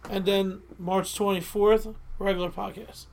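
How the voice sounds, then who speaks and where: A woman's voice: medium pitch, fairly even intonation, a little slow, darkish tone, a little hiss or hum. A woman with a Delco accent from Delaware County, Pennsylvania, co-hosting a podcast in casual chat, rambling, restarting her sentences and often apologizing. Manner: rambling, self-interrupting, apologetic. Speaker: podcast co-host.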